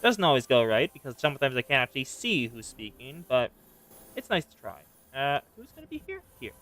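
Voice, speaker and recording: A man's voice: mid-range voice, sing-song, brisk, a bit bright, faint music behind. A male streamer chatting casually between game scenes, rambling in loose asides. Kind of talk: casual gameplay commentary.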